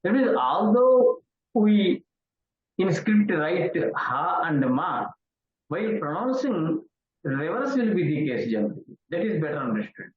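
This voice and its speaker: Slow, lively older Indian man lecturing. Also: high voice. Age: 60s. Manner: halting, with frequent pauses and fillers. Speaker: Sanskrit professor. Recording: roomy, dull lo-fi recording.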